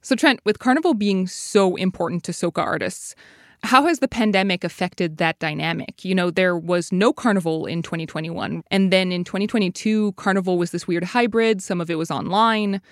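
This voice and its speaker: A woman's voice: fairly low pitch, moderate pace, no room sound. Brief: female news podcast host, inquisitive and conversational, dry, close-miked sound. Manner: curious, conversational questioning. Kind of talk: interview questions.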